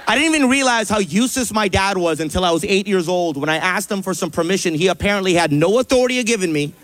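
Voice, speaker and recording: A man doing a stand-up comedy set, telling a family story with animated delivery and voices for his parents. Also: high voice, fast, slight background noise.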